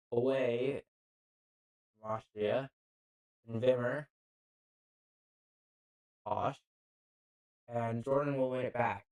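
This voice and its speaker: A man calling a football match live as an amateur commentator, speaking slowly and in a halting way. He keeps second-guessing player names and drops casual asides between the plays. His pitch sits in an ordinary middle range for a man. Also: darkish tone, poor audio. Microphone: handheld microphone.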